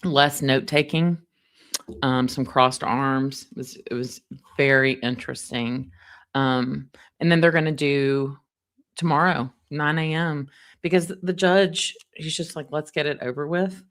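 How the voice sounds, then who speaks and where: A middle-aged woman, chatting casually with livestream viewers in an animated, storytelling way. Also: extremely low pitch, unhurried. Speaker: livestream host recapping a trial. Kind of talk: casual chat with live viewers.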